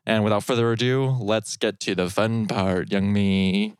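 A man's voice: on the low side, steady tone, a little slow, clear, resonant tone, no room sound, clean studio sound. A man co-hosting a comedy podcast in casual chat, riffing with self-deprecating jokes. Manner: joking, self-deprecating, rambling riffs. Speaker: podcast co-host.

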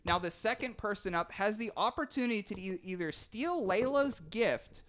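A man's voice: high voice, lively intonation, normal speed, fairly bright tone. A man hosting a podcast, casually explaining the rules of a gift game to friends. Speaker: podcast host. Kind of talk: casual group chat.

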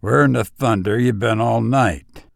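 Male narrator doing a superstitious old countryman; folksy drawl, gravelly, dry. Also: mid-range voice, measured pace, dry recording. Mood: excited. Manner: folksy country dialect, quavering. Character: old rural man, superstitious and excitable.

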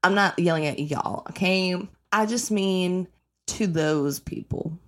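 A young woman talks on her own podcast in a low-set voice, ranting bluntly and swearing freely. She slides into shrill, mock-outraged bursts as she vents. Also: slow pace. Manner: blunt, profane, animated, breaks into high-pitched mock outrage. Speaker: podcast host. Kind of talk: casual solo rant.

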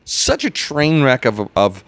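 A man rants on his podcast in a rambling, sarcastic way, his pitch swinging up and down with emphasis. He talks casually and restarts his sentences often. The recording is dry and close, with no room sound. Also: huge pitch swings, takes it slowly, a bit bright, dry recording. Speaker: podcast host. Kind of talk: casual ranting chat.

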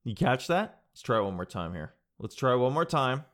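A man's voice: medium pitch, moderate pace. A man hosting a reaction video, talking casually and animatedly to his viewers and laughing often. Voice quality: animated, laughing, addresses viewers as guys and dude.

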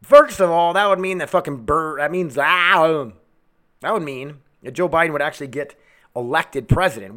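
A man's voice: fairly high pitch, moderate pace, sharp tone. A man hosting his own podcast from home, ranting bluntly and angrily with a lot of swearing. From United States. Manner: profane, blunt, goes off on rants. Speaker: podcast host. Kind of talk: angry ranting monologue.

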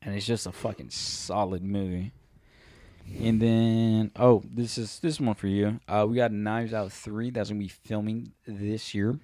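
A man's voice: on the low side, fairly even intonation, unhurried, mellow, no echo. A man co-hosting a podcast in loose, rambling casual chat, swearing often. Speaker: podcast co-host.

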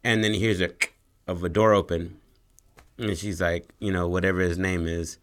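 Podcast co-host, deep-ish voice, loose profane storyteller. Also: male voice, level tone, normal speed. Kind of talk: casual chat, pitching a story idea.

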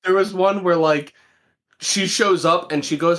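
A speaker chatting casually as podcast co-host, lively and profane. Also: mid-range voice, a little slow. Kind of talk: casual chat.

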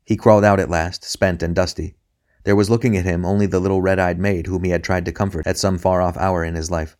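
Deep-voiced male audiobook narrator. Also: little pitch movement, quick pace, a little mellow.

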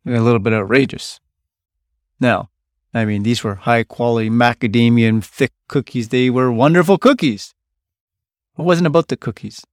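A man hosting a podcast, telling a workplace story in a lively way and quoting coworkers in loud bursts. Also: mid-range voice, moderate pace, dry recording, studio quality. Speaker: podcast host. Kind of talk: storytelling monologue.

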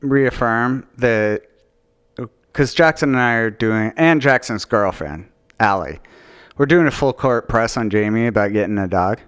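A man's voice: mid-range voice, unhurried, a bit bright, clear, resonant tone, dry recording, studio quality. A man co-hosting a podcast, bantering and joking in casual chat. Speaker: podcast co-host.

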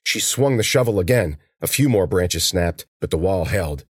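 A male narrator reads the story in a low, husky voice. His delivery rises and falls with lively, expressive pitch. The recording is dry and close. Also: normal speed, dry recording. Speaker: audiobook narrator. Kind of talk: scripted narration.

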